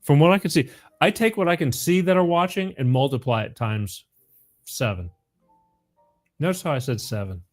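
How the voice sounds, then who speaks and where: A man's voice: on the high side, lively intonation, quick pace, soft background music. A man hosting a live call-in show, talking casually and rambling, often repeating the phone number.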